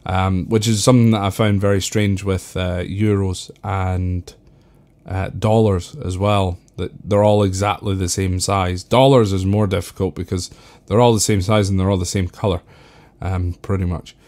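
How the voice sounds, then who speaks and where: A Scottish man hosting a podcast alone, talking casually and rambling with lots of fillers. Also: moderate pace. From Scotland. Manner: rambling, many fillers, lively swings in pitch. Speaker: podcast host. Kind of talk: casual solo podcast talk.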